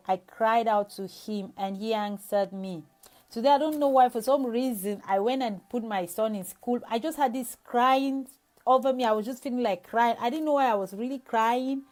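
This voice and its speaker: A woman's voice: on the high side, moderate pace, a little mellow. A young adult woman evangelist giving a devotional sermon, reading scripture and sharing an earnest personal testimony with many restarts.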